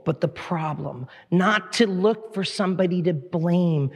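High-voiced man preaching in a reverberant hall. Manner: animated storytelling with playful impressions. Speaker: pastor. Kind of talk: sermon.

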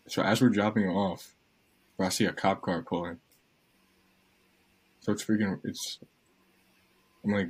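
A teenage guy with a low, husky voice, casually telling his friends a long story. He keeps jumping into quoted dialogue, acting out each line as it happens. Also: quick pace, rough recording. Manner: animated storyteller, acts out quotes.

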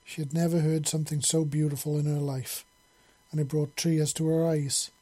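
Man, audiobook narrator, steady, slightly high pitch, husky. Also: normal speed. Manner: steady, storytelling.

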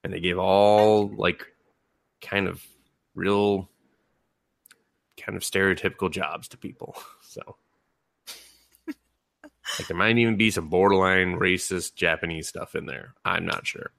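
Low gravelly man rambling and laughing. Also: steady tone, unhurried, long pauses, a bit bright, dry recording, clean studio sound. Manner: rambling, laughing, profane, mimics people mid-story. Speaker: podcast co-host. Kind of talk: casual chat.

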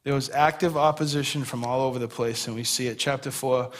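A man's voice: medium pitch, fairly even intonation, a little fast. A man preaching a sermon as pastor, earnest and conversational, telling stories on himself with a self-deprecating touch.

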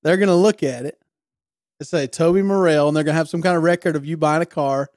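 A man in a casual conversation reacts with incredulous sympathy, speaking in a somewhat higher voice. The sound is dry and close, with no room echo. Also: steady tone, fast, darkish tone. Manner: sympathetic listener, short agreeing responses. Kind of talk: casual chat.

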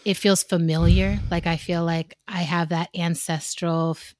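Woman co-host, candid and emotional, low-ish voice, dry close mic. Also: flat delivery, a little slow, darkish tone, dry recording. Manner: candid, emotional, laughs often; acts out quoted exchanges. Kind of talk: casual chat.

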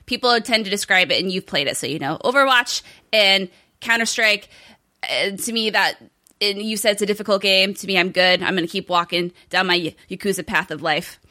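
A woman's voice: mid-range voice, brisk, sharp tone. A woman co-hosting a gaming show, joking casually and talking to the live chat. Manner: playful, joking, talks to chat. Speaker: co-host of a gaming news show.

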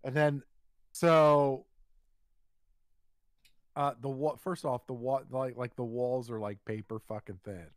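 A man's voice: mid-range voice, fairly even intonation, takes it slowly, long pauses, no room sound. A man telling a long, rambling story in a casual chat, swearing freely and restarting his sentences often.

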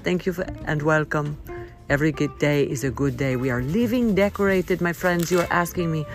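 Playful, lower-voiced woman host. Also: fairly quick, over music. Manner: playful and quirky, swinging between loud cheer and near-whisper. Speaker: podcast host. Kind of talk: upbeat solo podcast talk.

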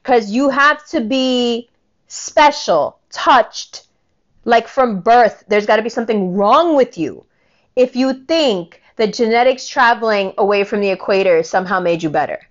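A woman in her forties delivers a heated, profanity-laced monologue, slipping into lowered voices when quoting others. The audio is slightly dull and lo-fi. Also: normal speed. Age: 40s. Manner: profane, animated, quotes people in lowered voices. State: angry. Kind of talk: casual ranting monologue.

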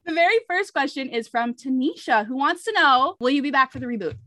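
A woman hosting a casual podcast chat, gushing and excitable like a superfan. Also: high voice, a little fast, dry recording, clean studio sound. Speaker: podcast host.

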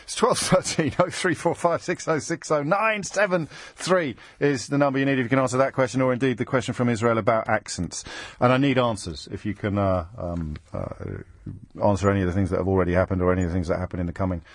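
A man hosting a live radio phone-in show, bantering quickly and teasingly with callers. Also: medium pitch, no echo, clean studio sound. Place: radio studio. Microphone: studio microphone.

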